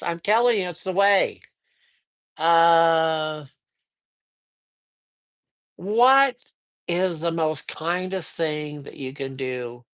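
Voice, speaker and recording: A man's voice: a little high, fairly bright tone, no echo. A man doing a livestreamed card reading, upbeat and chatty, rambling a little and greeting viewers by name. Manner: rambling, with frequent fillers. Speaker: psychic reader. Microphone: livestream microphone.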